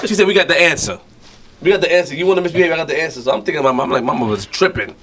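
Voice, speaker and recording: Bright-voiced man telling a story. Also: fairly high pitch, racing, a little hiss or hum. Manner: animated storytelling, acts out quotes, swears freely. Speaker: podcast host. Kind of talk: casual chat, storytelling.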